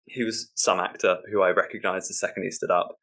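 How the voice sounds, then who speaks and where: A man, a stand-up comedian telling a story in casual chat, animated and laughing often. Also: deep voice, brisk. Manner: animated, acts out quoted voices, laughs often.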